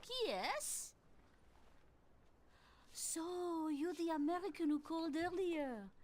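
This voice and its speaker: A woman with a French accent playing a chatty, fussy Parisian landlady in a video game trailer, gossipy and lively. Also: very high voice, slow, full character voice. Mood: welcoming. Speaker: game character.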